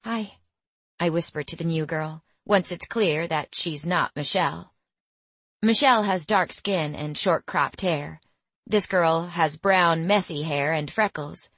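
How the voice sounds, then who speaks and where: A young woman reads a first-person story with measured, quietly bemused delivery. Her pace is very slow and her pitch sits a little low. The recording is dry and close, like a studio booth. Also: husky, no echo. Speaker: audiobook narrator. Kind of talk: first-person scripted narration.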